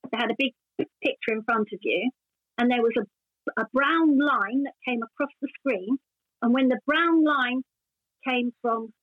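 A woman's voice: on the high side, breathy edge, no room sound. An older woman, a former actress, telling long anecdotes in a chatty, rambling way during an interview. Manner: warm, chatty anecdotal storytelling with many restarts. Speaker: actress guest. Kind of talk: casual interview chat. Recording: dry tinny phone-like line.

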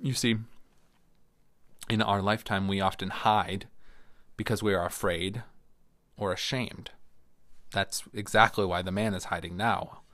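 A man's voice: fairly low pitch, steady tone, a little slow, long pauses, a bit bright, no echo, studio quality. A middle-aged man, a Lutheran pastor, teaching a Bible study in a conversational way and reading scripture aloud. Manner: conversational, restarts and fillers, acts out quoted voices.

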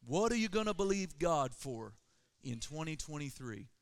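A man's voice: a little high, very animated, moderate pace. A male pastor preaching a sermon in a church, emphatic and calling for amens. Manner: emphatic preaching, calls for Amen.

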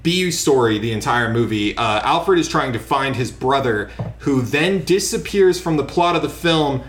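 A man's voice: medium pitch, animated, slight background noise. Opinionated man recapping a movie. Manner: opinionated, profane, rapid recap with mock quotes. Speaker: podcast co-host. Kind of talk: casual movie review chat.

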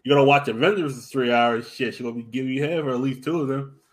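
A man's voice: mid-range voice, quick pace. A man in casual podcast chat, brash, profane and teasing.

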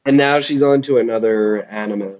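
A man's voice: fairly low pitch, moderate pace, darkish tone. Young man on dull lo-fi headset. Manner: casual, profane teasing. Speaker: podcast co-host. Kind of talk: casual chat. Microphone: wireless headphones over a video call.

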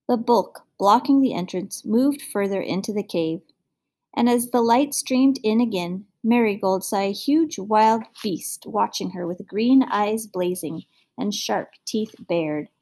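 Gravelly woman reading a fairy tale. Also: medium pitch, unhurried. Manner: expressive storybook reading. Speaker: storyteller. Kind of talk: scripted fairy-tale narration.

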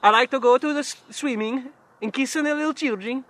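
A man voicing a flirty, oddly sultry tall Scandinavian woman in a high, mock-seductive put-on voice. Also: a little fast, fairly bright tone.

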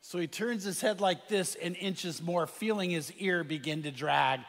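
A man delivers a sermon in a fairly high voice and tells a tense story in vivid detail. He repeats phrases to build suspense. His voice rings out with the long reverb of a big hall. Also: moderate pace, a bit bright. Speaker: pastor.

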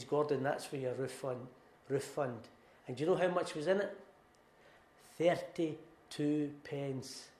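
Man, Scottish accent, middle-aged pastor, emphatic sermon, higher-pitched voice, echoey room. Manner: earnest, emphatic storytelling with repeated phrases.

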